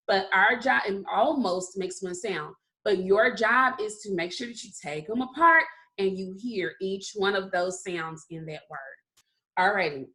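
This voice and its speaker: A woman teaching a phonics lesson to young children, speaking in a slow, encouraging way and stretching out the sounds of words. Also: mid-range voice, fairly bright tone. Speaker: kindergarten teacher.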